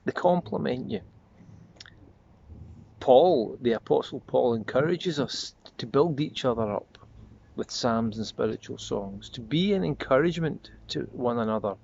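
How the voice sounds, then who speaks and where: A man preaching a short devotional sermon as a pastor, earnest and reflective, slowing and softening on repeated prayer refrains. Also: mid-range voice, animated, creaky, breathy edge. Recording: slightly dull lo-fi audio with faint noise.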